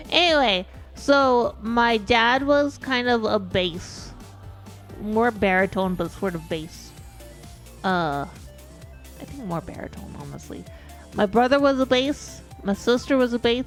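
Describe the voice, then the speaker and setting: A woman streamer chatting casually while gaming, rambling and self-deprecating, often restarting her sentences. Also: mid-range voice. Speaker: VTuber streamer. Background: faint background music.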